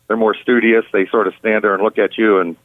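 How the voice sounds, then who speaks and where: A man's voice: fairly low pitch, fast talker, dry recording. Rambling man on a tinny phone line. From Pittsburgh, United States. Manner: rambling, relaxed, many fillers. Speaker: touring rock guitarist, interview guest. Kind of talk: casual phone interview.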